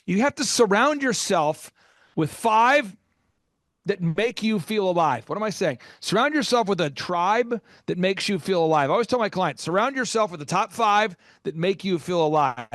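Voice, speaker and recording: A middle-aged man, a business coach guest, telling stories with passion and sometimes getting loud. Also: high voice, lively intonation, no room sound, studio quality. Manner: passionate, loud at times, rapid storytelling. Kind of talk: energetic storytelling interview.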